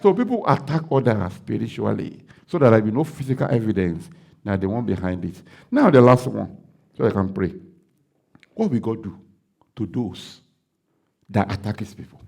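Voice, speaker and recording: A Nigerian man, a pastor, preaching a sermon and acting out the dialogue of a story he tells, breaking into loud declarations. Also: lowish voice, very animated, normal speed, creaky, pauses often, breathy edge.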